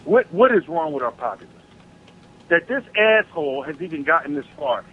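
A man calling in by phone, ranting with heavy profanity about politics in a heated, animated way. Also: on the high side, normal speed, slight background noise. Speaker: caller. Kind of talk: angry political rant on a call-in show. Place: South Carolina. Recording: tinny phone line.

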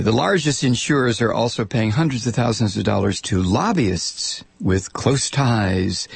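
A man's voice: on the low side, vocal fry, husky, no echo. A man hosting a political talk show, reading news and ranting sarcastically. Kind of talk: political talk radio commentary.

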